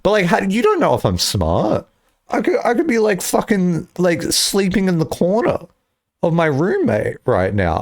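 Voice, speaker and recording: A man's voice: high-pitched, normal speed. A young man streaming and chatting casually, rambling through stories with lots of swearing and laughter. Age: young adult. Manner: rambling, profane, laughs often, animated storytelling.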